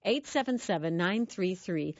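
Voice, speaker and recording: A woman's voice: lowish voice, animated, moderate pace, dry recording, dull audio. A woman hosting a call-in radio show, telling family stories and laughing often. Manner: warm storytelling with frequent laughs. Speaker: radio talk show host.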